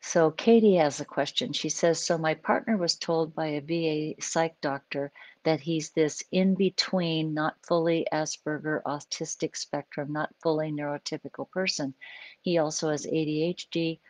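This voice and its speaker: A woman with a notably low voice talks through ideas in an unscripted, conversational way, hosting a live stream as a psychologist. The sound is dry and close, with no room ring. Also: fairly even intonation, moderate pace, darkish tone, dry recording, low-quality recording. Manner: conversational, explains with acted examples and asides. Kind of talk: unscripted teaching talk to a live audience.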